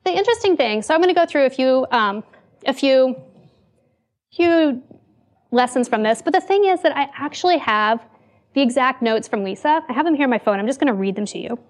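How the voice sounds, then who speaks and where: Woman with a high voice telling a work story to a crowd, acts out the quotes. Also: lively intonation, fairly quick. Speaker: speaker giving a talk. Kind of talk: storytelling talk to an audience.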